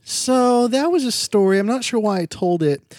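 A man on a podcast spins an anecdote with animated, quick bursts and a fairly high voice. He laughs often as he talks. The sound is dry and close to the mic. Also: no echo. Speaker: podcast co-host. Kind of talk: casual chat and storytelling.

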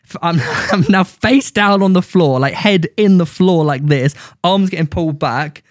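A man's voice: high-pitched, a little slow, dry recording, clean studio sound. Young English man telling a story. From England. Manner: animated storyteller, acts out quotes. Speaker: guest. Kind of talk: casual chat, storytelling.

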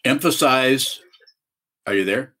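A man teaching as a Zen teacher on a video call, answering questions in a halting way with many fillers and restarts. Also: mid-range voice, pushed and bright.

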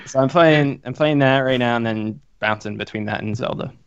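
A man's voice: mid-range voice, brisk, smooth, highs cut off. A man co-hosting a casual gaming podcast, playful and teasing. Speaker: podcast co-host.

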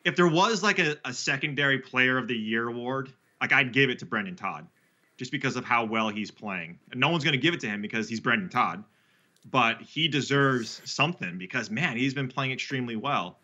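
A man's voice: mid-range voice, animated, fairly quick, pushed and bright, dull audio. A man talking through betting picks in a casual podcast chat, rambling and correcting himself with fillers. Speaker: sports betting analyst guest.

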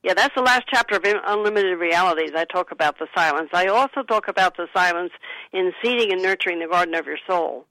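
A woman guest on a radio talk show, speaking in an earnest, gentle and instructive way as she gives spiritual advice. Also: lowish voice, quick pace, no room sound, poor audio. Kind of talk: radio interview, advice-giving.

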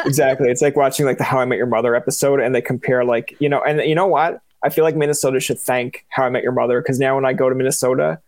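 A man from Newfoundland talks loosely in a casual chat, piling up fillers and breaking into animated impressions. His voice sits at a middle pitch. The room is dry, with no echo. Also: fast, few pauses. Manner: rambling, filler-heavy, slips into animated impressions.

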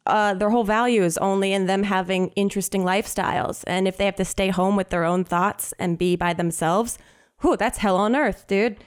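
A woman's voice: mid-range voice, steady tone, fairly quick, smooth. A young woman co-hosting a casual podcast chat, speaking enthusiastically and laughing often. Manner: enthusiastic, says "dude" and "God", laughs often. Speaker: podcast co-host.

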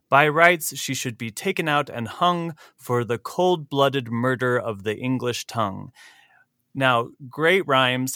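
A man hosting a podcast in casual chat, animated and laughing often as he talks. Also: a little slow, dry recording, clean studio sound. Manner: animated, laughs often, big pitch jumps. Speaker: podcast host.

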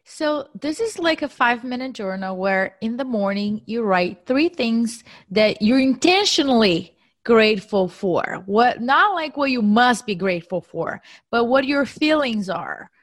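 Woman, podcast co-host, lively storytelling, fairly high voice. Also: measured pace. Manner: animated storytelling, acts out her own quotes. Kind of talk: casual chat.

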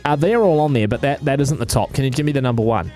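A man's voice: medium pitch, quick pace, a little mellow, faint music behind. A man with an Australian accent, reading quirky news stories on air in a casual, jokey way, full of fillers. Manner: chatty, jokey, lots of fillers. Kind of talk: casual radio banter. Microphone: studio microphone.

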